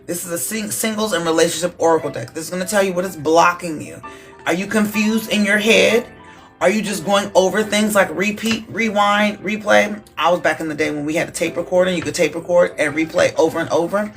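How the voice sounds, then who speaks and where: A tarot reader hosts a live-stream session and runs through the card decks in a loose, chatty way. The voice sits at a middle pitch and keeps checking in with listeners. A little music plays quietly in the background. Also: steady tone, fairly quick. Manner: casual, chatty, checks in with "okay?" often.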